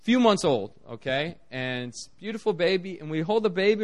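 Male missionary preacher, slightly high voice, animated storytelling sermon delivery. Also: moderate pace. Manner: animated storytelling, lively pitch swings.

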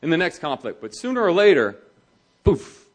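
A man's voice: on the high side, big pitch swings, moderate pace. A man preaching a sermon as a pastor, talking in a conversational way and acting out the voices he quotes. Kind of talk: sermon on marriage.

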